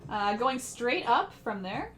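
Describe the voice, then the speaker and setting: A woman's voice: fairly high pitch, very animated, slow pace, a bit bright, soft background music. Chatty woman teaching painting. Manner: chatty, laughs often, reads out chat. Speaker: painting instructor and streamer. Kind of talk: casual live-stream painting tutorial.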